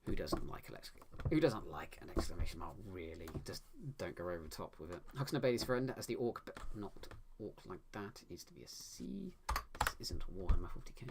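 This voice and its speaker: A low-voiced man drafts a fantasy story out loud, stopping often to second-guess his wording. Loud keyboard clatter runs under his voice the whole time. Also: very animated, a little fast, creaky, few pauses, background noise. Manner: muttering, self-correcting, reads sentences aloud as he types. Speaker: author writing a book live. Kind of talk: thinking aloud while drafting prose. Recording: loud keyboard typing throughout. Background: keyboard clicks and typing.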